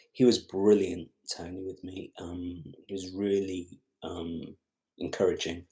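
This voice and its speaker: A middle-aged man, a film director and podcast guest, telling a long anecdote and acting out other people's lines as he goes. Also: low voice. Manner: lively storyteller who acts out other people's lines. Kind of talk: anecdotal storytelling in conversation.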